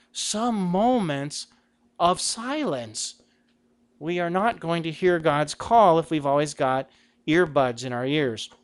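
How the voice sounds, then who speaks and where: A middle-aged man giving a conversational talk on Christian vocation, asking rhetorical questions. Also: fairly high pitch. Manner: acts out quoted lines with a raised voice. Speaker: Catholic speaker.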